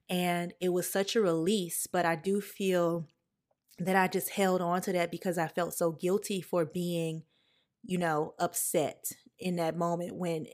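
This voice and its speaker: A young woman hosting a podcast, telling a personal story in a candid, conversational way. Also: on the low side. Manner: candid, conversational, emotional at times. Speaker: podcast host.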